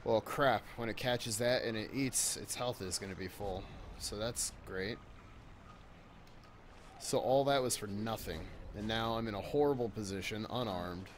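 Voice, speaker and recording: A man's voice: on the low side, a little slow, a little hiss or hum. A young man giving let's-play commentary, talking to the game in exasperation and swearing often. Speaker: gameplay commentator.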